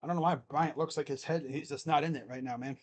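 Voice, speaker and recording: Casual live reaction host, mid-pitched and rambling, stretches out play calls and chats between them. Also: steady tone. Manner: rambling, joking, talks to himself between plays; drawn-out play calls during game action. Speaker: sports reaction streamer.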